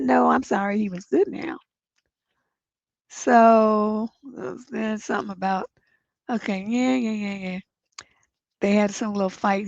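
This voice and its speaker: A woman's voice: mid-range voice, creaky, no echo. A middle-aged woman hosting a relationship advice livestream, sounding congested, who reads viewer letters aloud and then gives blunt, profane advice. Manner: blunt, profane, gets emphatic when giving advice. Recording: dull lo-fi stream audio.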